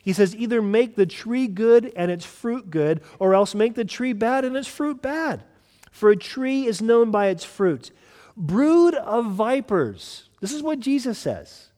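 Emphatic high-voiced male preacher in a hall. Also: animated, unhurried. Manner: emphatic preaching, swinging from loud to hushed. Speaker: pastor. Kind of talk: sermon.

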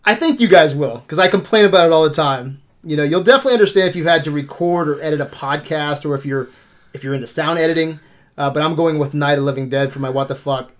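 A man's voice: fairly high pitch, quick pace. Man, podcast host; casual profane ranter. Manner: profane, animated ranting.

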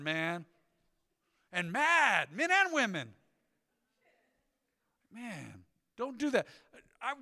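A man preaching a sermon as pastor, energetic and conversational, with casual asides. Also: sits high, long reverb tail. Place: church sanctuary.

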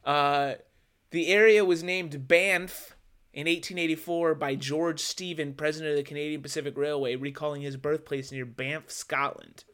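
Man, podcast co-host, deadpan jokes, casual chat, somewhat high voice. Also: moderate pace, clean tone.

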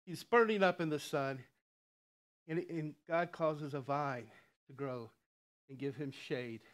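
A man delivers a sermon in an easygoing, conversational manner, dropping asides and chuckling along the way. His voice sits a little high for a man. He takes his time, speaking at a slow, unhurried pace. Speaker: lay preacher.

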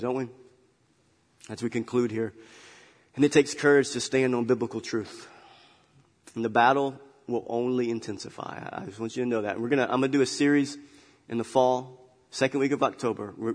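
A man preaching a sermon as pastor, emphatic and animated, swinging between loud emphasis and quiet asides. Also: mid-range voice, long reverb tail. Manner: animated, emphatic storytelling with big swings in loudness. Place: church sanctuary.

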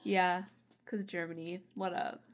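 A woman co-hosting a casual podcast in a radio studio, playful and quick to laugh. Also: on the low side, little pitch movement. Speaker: podcast co-host. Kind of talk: casual chat.

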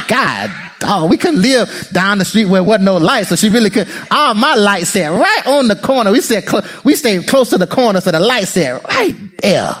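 A man with a high, slightly breathy voice preaches a sermon as a pastor. He delivers it with animation, calling out to the congregation and acting out different voices.

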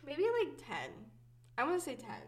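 A woman's voice: high-pitched, huge pitch swings, normal speed. A young woman hosting a podcast, telling personal stories in casual chat, chatty and giggly with many fillers. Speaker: podcast host.

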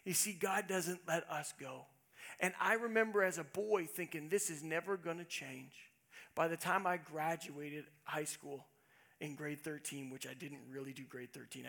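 Gravelly earnest male preacher. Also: a little high. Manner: earnest, swings from hushed to emphatic. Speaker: pastor. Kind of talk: sermon with personal story.

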